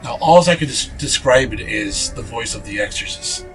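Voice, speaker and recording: A man's voice: mid-range voice, animated, moderate pace, music in the background, low-quality recording. A man being interviewed as a paranormal investigator, telling a ghost story earnestly, with many fillers and restarts.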